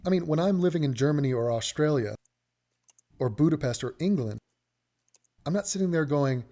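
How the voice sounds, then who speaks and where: A man giving reaction commentary, thinking out loud and acting out mock quotes. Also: fairly high pitch, animated, moderate pace. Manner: reasoning aloud, restarts, mock quotes.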